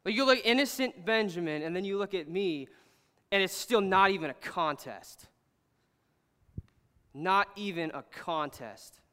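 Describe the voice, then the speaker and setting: Bright, clear young pastor in a big hall. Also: male voice, high-pitched, normal speed. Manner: earnest, animated, heavy use of "like". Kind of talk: casual storytelling sermon. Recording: long hall reverb.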